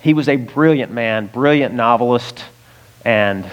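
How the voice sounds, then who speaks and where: A man's voice: medium pitch, unhurried, highs cut off. A man from the United States preaching a sermon in a conversational way, with chuckles and direct asides to the listeners. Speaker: pastor.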